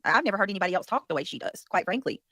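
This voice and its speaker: A woman's voice: medium pitch, big pitch swings, racing, sharp tone, no room sound. A woman with a Southern US accent hosting a casual livestream, rambling and chatty as she thanks viewers and curses now and then. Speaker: livestream host.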